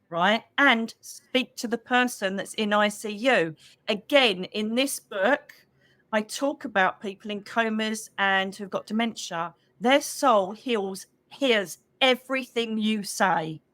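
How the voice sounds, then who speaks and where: Woman, middle-aged, chatty storyteller, medium pitch, dry close sound. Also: dry recording. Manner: chatty, animated storytelling, acts out quoted voices, calls people darling. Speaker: psychic medium host. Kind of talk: livestream storytelling to members.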